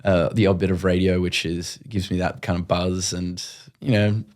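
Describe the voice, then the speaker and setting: Animated man telling stories on a podcast. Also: low-pitched. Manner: animated, quick, acts out his own past lines. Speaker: guest, TV and radio presenter. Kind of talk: conversational storytelling.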